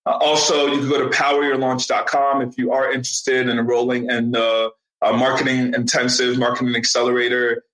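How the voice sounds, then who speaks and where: A man's voice: medium pitch, a little fast, echoey room, low-quality recording. A young man, a podcast guest, telling stories in a casual interview and acting out what people said. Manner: animated storyteller, acts out quotes. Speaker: podcast guest, digital marketing strategist.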